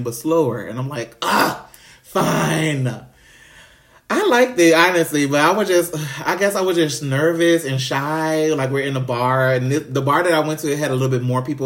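Young guy spilling tea on his podcast, chatty and sassy, lots of ums. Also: mid-range voice. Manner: chatty, sassy, frequent fillers and asides. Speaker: podcast host. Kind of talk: casual storytelling chat.

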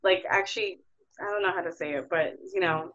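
A young woman with a somewhat low voice, speaking hesitantly as a guest and pausing to search for words. Her audio comes through muffled and lo-fi. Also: fairly bright tone. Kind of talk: casual conversation.

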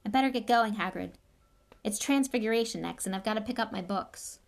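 A woman's voice: mid-range voice, brisk, vocal fry, natural voice. A woman voicing a young schoolboy wizard who talks fiercely, his voice shaking with anger.

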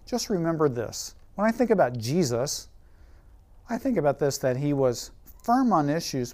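A man preaching a sermon, telling stories and dropping to a soft, quiet voice for emphasis. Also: fairly high pitch, expressive, normal speed.

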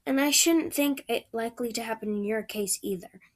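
A woman's voice: on the high side, a little fast, natural voice. A woman voicing a stern, dry older woman guardian who speaks curtly and bluntly. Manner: curt, blunt, matter-of-fact.

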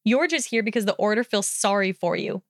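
A woman reading the part of a sharp, defiant young witch, with a smooth, dry voice. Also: mid-range voice, animated, fairly quick, no echo, close to an everyday voice. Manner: crisp, defiant, haughty.

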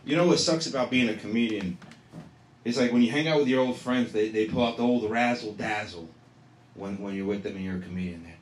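A man's voice: lowish voice, brisk, a little hiss or hum. A young man doing a stand-up set, loose and profane, riffing with the crowd. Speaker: stand-up comedian. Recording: echoey room recorded from afar.

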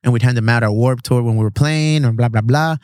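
A man from San Diego in his thirties, chatting casually as host. He is laid-back, swears freely and calls everyone "bro." His medium-pitched voice sounds dry and close. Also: fast, darkish tone, smooth, dry recording. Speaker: podcast host. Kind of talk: casual chat. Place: outdoors in a backyard treehouse.

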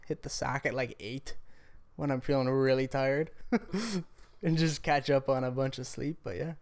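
A man chatting casually as a podcast guest, laid-back and quick to laugh, sounding a bit tired. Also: medium pitch, steady tone, a little mellow. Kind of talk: casual chat.

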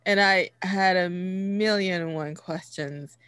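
A woman's voice: fairly low pitch, slow, fairly bright tone, smooth, no echo. A woman telling a personal story in casual chat, full of fillers and restarts. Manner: chatty, many fillers and restarts, laughs while telling.

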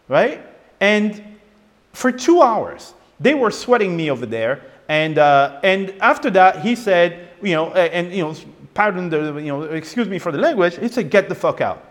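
A man's voice: sits high, long reverb tail. A young man from France hosting a podcast, telling a personal story with repeated words and acted-out quotes. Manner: animated, repeats words, acts out quoted lines. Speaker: podcast host.

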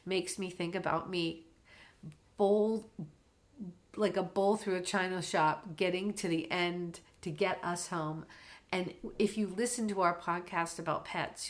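A woman co-hosting a podcast, telling a travel story in a lively, animated way. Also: lowish voice. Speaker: podcast co-host. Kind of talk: casual storytelling.

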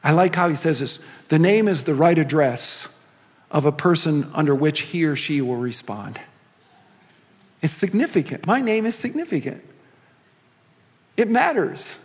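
A man's voice: fairly high pitch, very animated, a little slow, long pauses. A middle-aged man preaching a sermon as pastor, talking in a loose, joking way with many asides. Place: large church hall. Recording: long hall reverb.

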